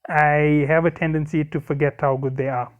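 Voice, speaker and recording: A man's voice: fairly high pitch, level tone, normal speed, narrow, tinny audio. A man walking through a game ship build in a casual, explanatory way, often correcting himself and apologizing along the way. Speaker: game guide creator.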